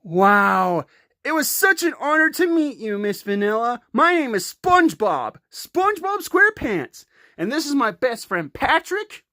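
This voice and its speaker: Cheerful polite sea sponge guy done by a woman, highish voice, takes his time. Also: very animated, unhurried, pushed and bright, no echo, studio quality, exaggerated voice. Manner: polite, introducing everyone. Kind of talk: homemade fan voice acting.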